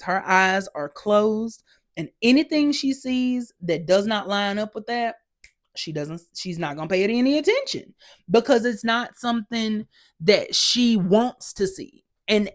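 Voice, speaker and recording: Sassy woman recapping a TV episode. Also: medium pitch. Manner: sassy, animated, exasperated. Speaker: podcast host.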